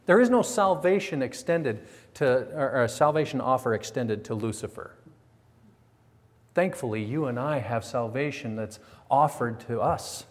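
A male pastor delivers a sermon in lively storytelling fashion, slipping into quoted voices and firing rhetorical questions. His voice sits in an ordinary middle register. A long hall reverb trails behind every phrase. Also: mid-range voice, measured pace.

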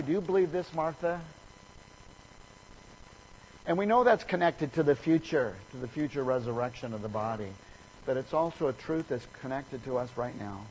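A man preaching a sermon, telling a story in an animated way and acting out the people in it with sudden rises in pitch and volume. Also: normal speed, slight background noise, poor audio.

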